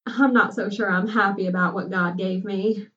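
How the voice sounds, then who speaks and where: A woman's voice: medium pitch, fairly even intonation, moderate pace, fairly bright tone, echoey room, recorded from a distance, dull audio, natural voice. A woman voicing a shy, sheltered college girl. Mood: timid. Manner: timid and hesitant.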